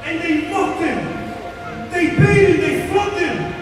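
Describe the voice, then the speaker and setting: A man preaching an impassioned altar-call sermon at a concert, rising to shouts, recorded from a distance in a large hall with music underneath. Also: very high-pitched, unhurried. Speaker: evangelist. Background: music playing under the sermon.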